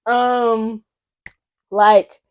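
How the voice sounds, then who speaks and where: Animated young Atlanta woman telling stories. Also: a little high, very slow, clear, resonant tone, lo-fi sound. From Atlanta, Georgia. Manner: animated, acts out family members' voices. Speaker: guest. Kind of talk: casual storytelling.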